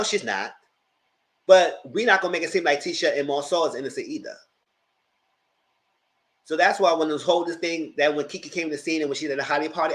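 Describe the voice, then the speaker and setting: A man hosting a casual TV review, talking in an animated, blunt way and swearing freely. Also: a little high, poor audio. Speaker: show recap host.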